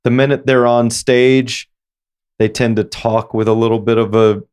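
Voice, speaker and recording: A man hosting a podcast interview, chatting casually in a rambling, halting way with many false starts. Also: medium pitch, flat delivery, darkish tone, clean tone. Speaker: podcast host.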